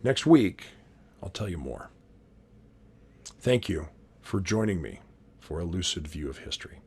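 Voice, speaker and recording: A man hosting his own video series, telling history stories as a dramatic monologue with whispered asides and sudden loud bursts. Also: low voice, big pitch swings, unhurried, husky.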